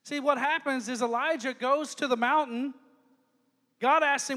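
A man preaching a lively youth sermon as pastor, joking and acting out quoted lines in changing voices. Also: extremely high pitch, moderate pace, long reverb tail.

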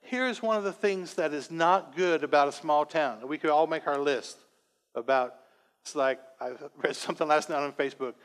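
Male pastor, high voice, emotional and rambling sermon with self-deprecating jokes, long hall echo. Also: moderate pace, clear, resonant tone. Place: church sanctuary. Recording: long church-hall reverb.

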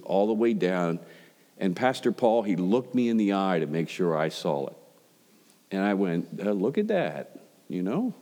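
Low-voiced preacher telling a story. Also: male voice, mellow, big-room sound. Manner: conversational storytelling, rhetorical questions. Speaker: pastor. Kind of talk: sermon.

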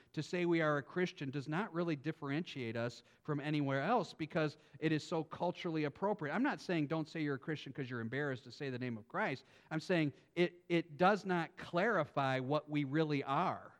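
Man preaching a sermon. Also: a little high. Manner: earnest preaching with asides to the congregation. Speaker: pastor.

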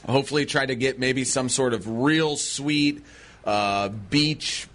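A man's voice: mid-range voice, slow pace, a bit bright. A man co-hosting a radio show in casual banter, rambling and playful, sometimes slipping into silly voices. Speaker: radio co-host.

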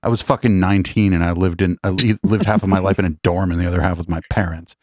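A man's voice: sits low, fairly even intonation, fast talker, darkish tone, no echo. A man musician in a casual interview, rambling through a story with a lot of swearing and fillers.

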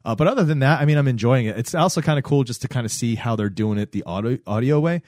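A man's voice: medium pitch, fast, no room sound, clean studio sound. A man casually recapping a TV series on a podcast, acting out the characters' lines as he tells it. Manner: animated storytelling, acts out quotes. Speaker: podcast co-host. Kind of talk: casual chat recapping a show.

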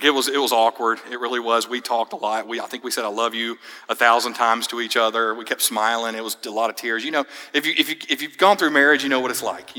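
Young male pastor, conversational storyteller, tense bright tone, long hall echo. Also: medium pitch. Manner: casual, storytelling, fillers like man and dude. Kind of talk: sermon with personal story.

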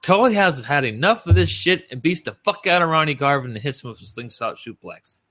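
A man's voice: a little high, expressive, brisk, sharp tone. A man co-hosting a podcast, giving a blunt, profanity-laced play-by-play recap of old wrestling matches in casual chat. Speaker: podcast co-host.

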